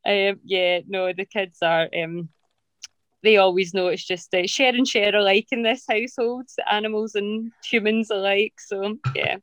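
A woman's voice: mid-range voice, fairly even intonation, unhurried, fairly bright tone, dry recording. Dry, hesitant woman. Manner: hesitant, dry, matter-of-fact. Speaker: guest, mother. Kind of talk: casual chat.

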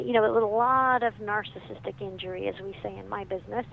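A middle-aged woman, a psychiatrist and author, telling stories in a lively, animated way as a guest. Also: mid-range voice, fast, vocal fry, hardly any pauses. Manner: lively, animated storyteller who laughs often. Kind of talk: storytelling in a conversation. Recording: muffled with faint background noise.

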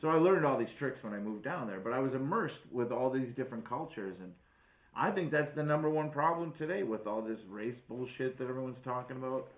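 A man's voice: mid-range voice, expressive, brisk. A man with a light Wisconsin accent, a guest comedian telling profane, rambling stories in casual podcast chat. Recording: echoey, phone-like lo-fi.

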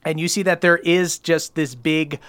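A man's voice: on the high side, steady tone, normal speed, a bit bright, smooth. A man running a tabletop game, narrating loosely with many fillers. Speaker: game master.

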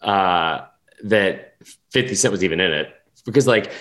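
A young man with a fairly low voice chats loosely on a sports podcast. He rambles and swears, restarting his sentences and filling gaps with "like" and "um." His energy swings up when something excites him. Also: moderate pace. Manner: rambling, profane, lots of restarts and fillers. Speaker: podcast co-host. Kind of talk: casual sports betting chat.

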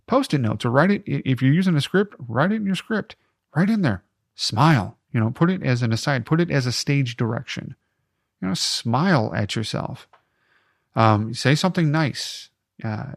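A man's voice: medium pitch, creaky, dry recording, studio quality. A man hosting a podcast, giving chatty, encouraging advice with jokey asides. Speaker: podcast host. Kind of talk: casual podcast advice talk.

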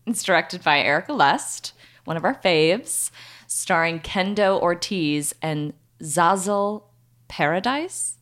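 Bright, bubbly woman cohost. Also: fairly low pitch, expressive, slow pace. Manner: bubbly, laughs often, playful. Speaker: podcast co-host. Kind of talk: casual chat.

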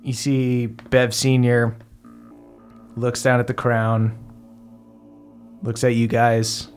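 A man's voice: medium pitch, flat delivery, slow pace, faint music behind. A man narrating as game master of a tabletop game, hesitant, with many ums and uhs.

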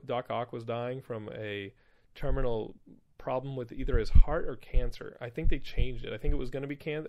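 A man's voice: mid-range voice, gravelly, darkish tone. A young man casually recapping comic storylines, profane and rambling, full of fillers and self-corrections. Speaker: comic book commentator.

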